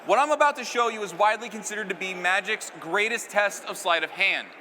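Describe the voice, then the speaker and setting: A man's voice: high voice, brisk, bright, forceful tone, in a large hall, slight background noise. A man performing stage magic on a live stage, keeping up joking banter with a volunteer and the crowd.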